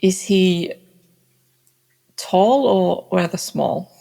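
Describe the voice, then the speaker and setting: A woman's voice: fairly low pitch, expressive, very slow, gravelly, dark tone. A woman playing a tabletop game, asking short questions. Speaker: player.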